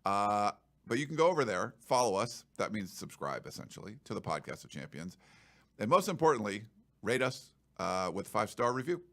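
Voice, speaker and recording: A man's voice: lowish voice, sing-song, brisk, a bit bright. A man hosting a studio podcast, chatting in a loose, rambling, joking way. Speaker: podcast host. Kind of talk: casual chat.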